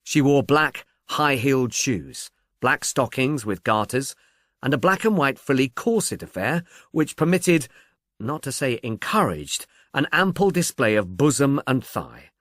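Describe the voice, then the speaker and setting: Male audiobook reader, animated delivery, dry close studio sound. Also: mid-range voice, unhurried, no room sound. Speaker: audiobook narrator. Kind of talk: scripted narration.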